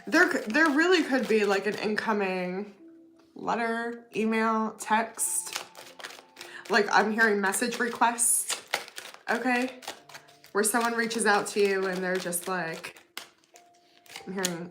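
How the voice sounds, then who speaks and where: A woman's voice: mid-range voice, measured pace, long pauses, over music. A woman giving a casual tarot reading to her viewers, chatty, often adding "okay?" and "you know what I mean?". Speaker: tarot reader.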